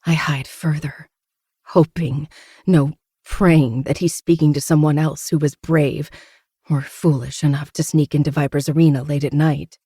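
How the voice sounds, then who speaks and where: A podcast host giving a steady, intimate first-person reading of a novel. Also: medium pitch, a little slow, husky, dry recording, clean studio sound. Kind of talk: first-person audiobook narration.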